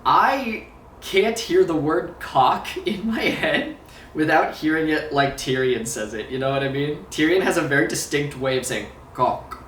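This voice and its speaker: A man's voice: on the high side, lively intonation, unhurried, fairly bright tone, distant mic, slight background noise. A man chatting casually in a vlog while recovering from surgery, rambling, swearing and joking at himself. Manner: rambling, profane and self-mocking, laughs often. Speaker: vlogger. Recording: roomy sound, away from the mic, faint ambience.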